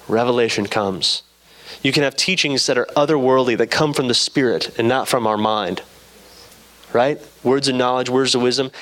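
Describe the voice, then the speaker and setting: Young male preacher, relaxed storyteller, mid-pitched voice, acts out the dialogue. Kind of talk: sermon with personal story.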